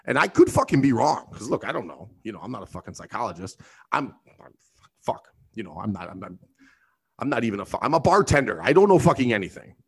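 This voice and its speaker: A man's voice: mid-range voice, very animated, fast talker, breathy edge. Profane rambling man telling stories. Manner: profane, rambling, self-mocking. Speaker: podcast host; bartender. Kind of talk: casual storytelling monologue.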